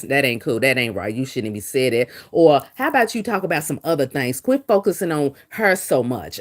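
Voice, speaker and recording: A middle-aged woman hosts a casual livestream, commenting on online drama and greeting viewers in the chat. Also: low voice. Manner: animated, talks back to live comments. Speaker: livestream host.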